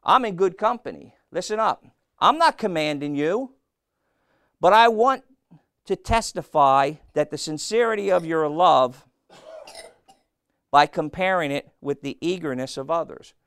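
A man delivering a sermon in a plain-spoken, folksy manner, quizzing the congregation as he goes. His voice sits a little high for a man and has a gravelly, creaky edge. The sound is dry, with no room echo. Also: lively intonation, a little slow, long pauses, fairly bright tone. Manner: blunt, folksy, asks the congregation questions. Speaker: pastor.

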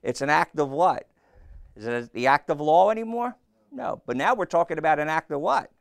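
A man delivering a sermon in a plain-spoken, folksy manner, quizzing the congregation as he goes. His voice sits a little high for a man and has a gravelly, creaky edge. The sound is dry, with no room echo. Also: animated, moderate pace. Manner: blunt, folksy, asks the congregation questions. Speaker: pastor.

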